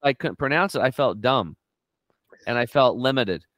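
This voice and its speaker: A middle-aged man telling stories in a lively interview, acting out quotes with sudden jumps in his voice. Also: normal speed, no echo. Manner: animated storyteller, acts out quotes with big pitch jumps. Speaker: guest on a health talk show. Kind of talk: energetic conversational interview.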